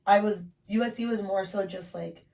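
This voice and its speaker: A woman's voice: mid-range voice, fairly even intonation, normal speed, vocal fry, a little mellow, far from the mic. Twenties woman, chatty storyteller who swears casually, recorded a little off-mic. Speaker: podcast host telling her story. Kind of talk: casual podcast chat.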